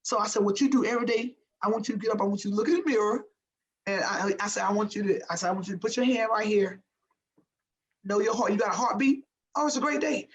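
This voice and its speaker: A woman in her fifties speaks with emphatic, animated energy as she tells stories. Her voice sits at an ordinary middle pitch, and she keeps stressing her points with phrases like "I'm telling you.". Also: fast, slight background noise, rough recording. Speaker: former pro basketball player, guest. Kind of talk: motivational storytelling in an interview.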